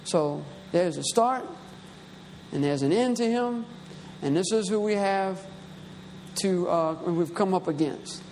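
A man's voice: sits high, takes it slowly, a little mellow. Male preacher, conversational storyteller rising to emphatic peaks; reverberant hall, faint room noise. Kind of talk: sermon.

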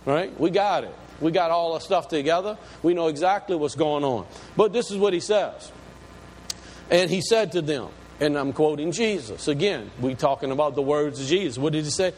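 Male preacher, fairly high voice, dramatic sermon delivery, long reverb of a big hall. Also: lively intonation, normal speed. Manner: dramatic, swings between loud and hushed. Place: large church hall. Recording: long hall reverb, faint room noise.

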